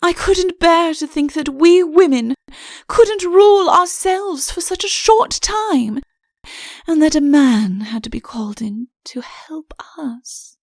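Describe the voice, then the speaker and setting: A coy, wheedling countess, as a woman narrator puts her on for a storybook reading, her voice pitched a little high and drifting into breathy whispers. She feigns meekness while she schemes, and the slow, unhurried lines are delivered close and dry, with a gravelly edge. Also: expressive, no echo, exaggerated voice. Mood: beseeching. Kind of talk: audiobook character voice.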